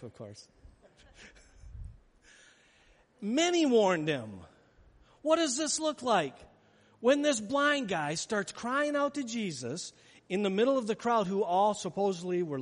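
A man preaching a sermon with animated storytelling, acting out the scenes he describes. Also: high voice. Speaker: pastor. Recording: echoey hall with long reverb.

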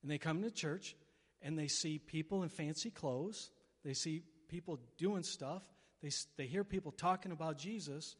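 Male pastor, high voice, animated sermon with loud bursts and acted-out voices, big reverberant hall. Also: normal speed. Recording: long reverb of a large hall.

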